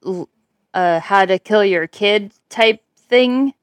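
A woman's voice: mid-range voice, slow, smooth, no echo, studio quality. Brash, laughing woman in crude banter.

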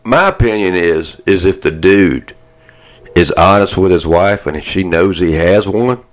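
A man's voice: low-pitched, a little slow. A man co-hosting a casual talk podcast, laid-back and folksy, talking with easy enthusiasm. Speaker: podcast co-host. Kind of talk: casual chat.

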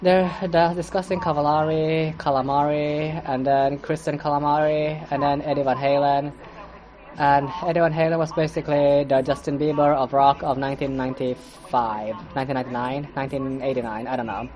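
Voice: mid-range voice, little pitch movement, brisk. Sarcastic, foul-mouthed podcast reviewer. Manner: sarcastic and profane; rambling with stammers and restarts. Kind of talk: casual commentary monologue.

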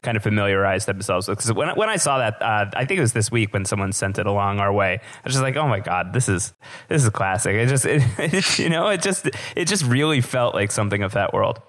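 A man's voice: on the low side, lively intonation, quick pace, hardly any pauses, fairly bright tone. A man co-hosting a podcast, talking casually in a rambling way with many fillers and restarts. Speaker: podcast co-host.

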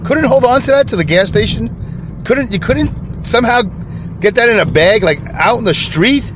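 A man's voice: extremely high pitch, lively intonation, moderate pace. A man hosting an unscripted solo podcast from inside his car, chatty and rambling, easily sidetracked. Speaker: podcast host. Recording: car interior with traffic noise. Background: traffic and street noise.

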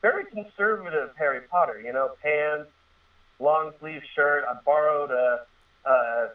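A guest in his thirties with a higher-than-average, unhurried voice rambles earnestly through a personal story, full of fillers and restarts. Heard over a thin phone-like radio line, he sounds set back from the microphone.

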